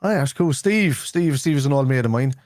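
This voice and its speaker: A man's voice: mid-range voice, animated, fairly quick, darkish tone, dry recording, studio quality. A man hosting a casual football livestream chat, chatty and friendly with his guests. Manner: chatty, calls everyone lad. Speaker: host.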